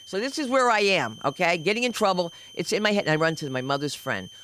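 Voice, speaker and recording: A woman doing stand-up comedy on a club stage, telling stories in a lively, swooping way and throwing in shouted sound effects. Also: fairly low pitch, quick pace, slight background noise, rough recording.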